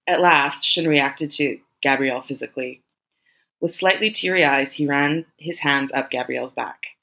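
Woman with measured, even narration. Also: rumbling low, gravelly, rough recording. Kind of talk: scripted narration.

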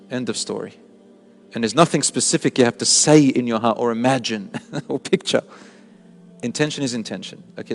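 A man's voice: mid-range voice, creaky. A man delivers a mosque lesson, explaining each point and asking his listeners questions. His voice rings with a long hall reverb, and faint music sits underneath. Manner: explanatory, asks the audience questions. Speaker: religious teacher.

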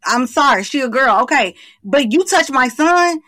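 Podcast co-host, woman, fairly high voice, emphatic, dry close recording. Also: lively intonation, moderate pace, bright, forceful tone, dry recording. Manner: emphatic, protective, laughing asides. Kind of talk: casual chat.

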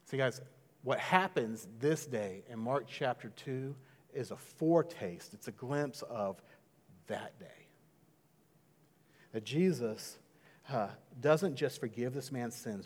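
A man preaching a sermon in a conversational way, dropping to a hush and then rising loud. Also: on the low side. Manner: conversational, swings from hushed to loud. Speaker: pastor. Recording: long hall reverb.

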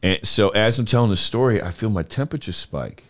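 A man's voice: on the low side, fairly quick. Guy on a podcast telling a wild story, voice jumping all over, cursing and laughing. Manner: animated, swearing, laughs while telling stories. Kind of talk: casual storytelling chat.

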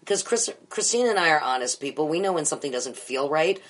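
A woman's voice: low voice, animated, brisk. A middle-aged woman, an improv teacher, talking bluntly and profanely in a candid interview.

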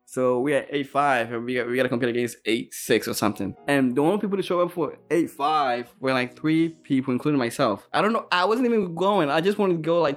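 A young man from Ghana telling his own story in a quick, animated way, his voice slightly altered. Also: medium pitch. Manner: fast, animated retelling with quoted dialogue. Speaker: guest sharing his story. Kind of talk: personal storytelling.

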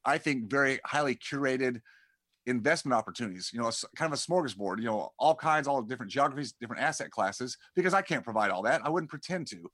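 A man's voice: medium pitch, lively intonation, fast, a bit bright, dry recording. A man speaking as a guest in a conversational interview, rambling and often repeating words as he starts his sentences. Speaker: podcast guest, dentist and community founder.

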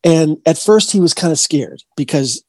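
Husky, rambling male storyteller. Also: a little high, animated, darkish tone, dry recording. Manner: rambling, halting, with frequent restarts. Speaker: paranormal investigator. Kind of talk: casual storytelling interview.

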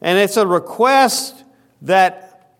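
A man preaching a sermon as pastor, talking slowly and deliberately with frequent pauses. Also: animated. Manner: quiet, lowered voice in prayer.

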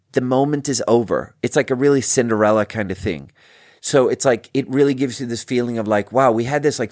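A man's voice: mid-range voice, no room sound, studio quality. A young man hosting a podcast, talking in a casual rambling monologue full of tangents and restarts. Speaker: podcast host.

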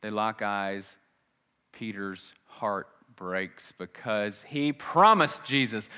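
Man preaching with dramatic loud-soft swings. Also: on the low side, lively intonation, slow pace, clean tone. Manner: sarcastic, then dramatic with wide swings between loud and hushed. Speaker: pastor. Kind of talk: sermon.

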